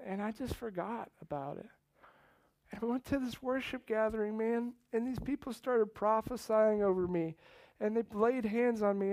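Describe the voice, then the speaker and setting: A man preaching as a pastor, telling a personal story with earnest feeling that swings between hushed and loud. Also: high-pitched, dry recording. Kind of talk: sermon.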